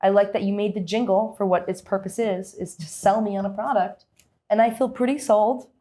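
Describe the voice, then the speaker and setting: A woman's voice: mid-range voice, steady tone, a little fast, dark tone. A young woman playing a professor who grades contestants in a comedy game show, speaking with mock-stern deliberation. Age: young adult.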